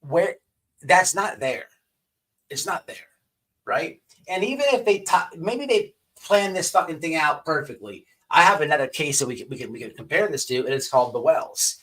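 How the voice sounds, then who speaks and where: Male stream host with a somewhat high voice, casual and crude, restarting sentences often. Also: animated, normal speed, fairly bright tone. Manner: rambling with many restarts and stammers. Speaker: livestream host. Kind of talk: casual profane commentary.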